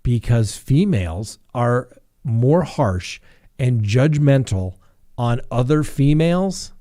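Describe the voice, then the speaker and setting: A man's voice: mid-range voice, expressive, slow pace, dark tone. A middle-aged man, a defense attorney hosting a live show, telling courtroom stories casually and acting out the voices of the people in them. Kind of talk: casual live-stream storytelling.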